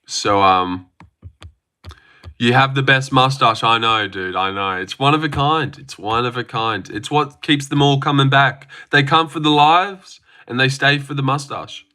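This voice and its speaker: Laid-back bright-voiced Australian guy. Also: mid-range voice, a little slow. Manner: laid-back, joking, profane. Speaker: livestream host. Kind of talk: casual live chat reading comments.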